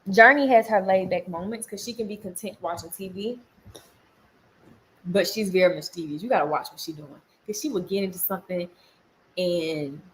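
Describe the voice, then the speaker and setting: Young woman, mom vlogger, casual livestream chat, animated, frequent laughter. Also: fairly low pitch, a little hiss or hum. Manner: animated, laughs often, breaks off to scold her toddlers.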